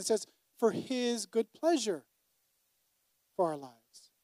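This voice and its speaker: A man's voice: high-pitched, a little mellow, dry recording. A man preaching a sermon to a congregation, emphatic, repeating his key phrases. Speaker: pastor.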